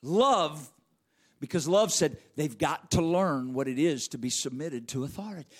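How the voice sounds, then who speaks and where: Emphatic preaching man, fairly high voice. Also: lively intonation, normal speed. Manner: emphatic, repeats phrases, calls on listeners by name. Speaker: pastor. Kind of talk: sermon.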